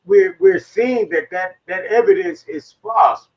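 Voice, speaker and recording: Gravelly, high, stammering man. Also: huge pitch swings, a little slow, dry recording, highs cut off. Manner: stammering, argumentative. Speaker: debate participant. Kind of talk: heated live-stream debate.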